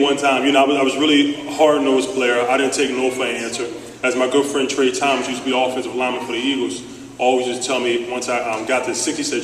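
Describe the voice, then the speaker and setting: A man from Philadelphia giving an animated, joking ceremony speech about his playing days. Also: medium pitch, a little hiss or hum. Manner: animated, joking storyteller with restarts. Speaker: former player giving induction speech. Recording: echoey hall, speaker far from mic.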